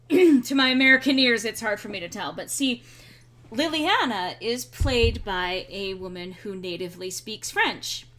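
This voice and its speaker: A young adult woman chatting casually while streaming a role-playing game, rambling and clearing her throat now and then. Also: medium pitch, expressive, a little slow, a bit bright. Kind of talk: casual gameplay commentary.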